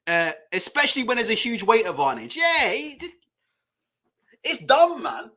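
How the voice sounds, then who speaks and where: A young man riffs on a live boxing chat, blunt and foul-mouthed, breaking into laughter. His voice sits high and bright, and his pitch swings widely as he talks. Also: very animated, normal speed. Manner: blunt, swearing, laughs a lot while ranting. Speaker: boxing channel host. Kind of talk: casual live-stream chat.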